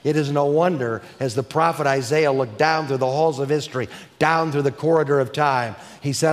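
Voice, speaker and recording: Man, sermon, emphatic, slows for weight, slightly high voice, long reverb. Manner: emphatic, rising to crescendos, slowing for weight. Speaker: preacher and teacher.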